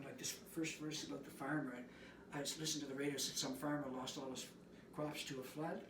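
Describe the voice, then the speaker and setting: A man from the East Coast, a musician guest telling rambling, animated stories in a casual interview. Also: a little high, a little fast, few pauses. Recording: roomy, distant mic, noisy.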